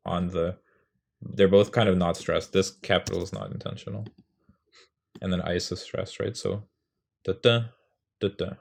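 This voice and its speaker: Low gravelly young man, rambling. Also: darkish tone. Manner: rambling, self-deprecating, sounding out rhythms aloud. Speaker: poetry tutorial host. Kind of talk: casual self-mocking explanation.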